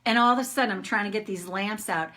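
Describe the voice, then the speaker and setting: Middle-aged woman, bright forceful voice, frank, cursing, acts out her rants. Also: mid-range voice, fast talker, a little hiss or hum. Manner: animated, frank, swears freely, acts out her own rants. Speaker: tapping coach hosting a live session. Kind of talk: casual live-stream talk to viewers.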